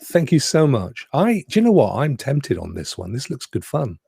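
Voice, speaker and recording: A man's voice: mid-range voice, huge pitch swings, normal speed, creaky, dark tone, slightly rough, no echo, studio quality. A man co-hosting a live gaming stream, chatting casually with rhetorical asides and frequent laughs. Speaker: podcast co-host.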